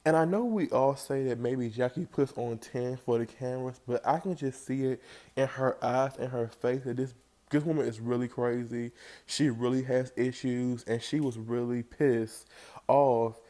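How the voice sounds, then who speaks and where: A man giving a casual, animated recap of a reality TV episode, jumping into high voices to act out what the cast said. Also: moderate pace. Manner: animated, acts out quoted lines in raised voice. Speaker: reality TV reviewer.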